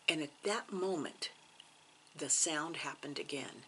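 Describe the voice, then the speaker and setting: A woman vlogger telling a story in a casual, animated way, dropping to hushed asides for drama. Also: low-pitched, slow pace, husky. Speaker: cross stitch vlogger.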